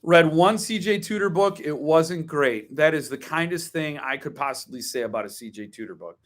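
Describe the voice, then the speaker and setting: This is a man with a slightly high-pitched voice, hosting a casual live stream about books. He chats loosely, full of ums and side remarks. He readily slides into opinionated, wryly grumpy rants. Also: expressive, normal speed. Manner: opinionated, wry grumbling rants; chatty, digresses with ums and asides. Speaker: host.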